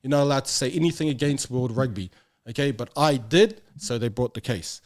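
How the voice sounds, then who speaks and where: A man's voice: mid-range voice, a little fast. A man speaking as a guest, a former rugby player, talking bluntly and swearing freely in a casual interview, often acting out other people's voices. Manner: blunt and profane, animated with quoted voices.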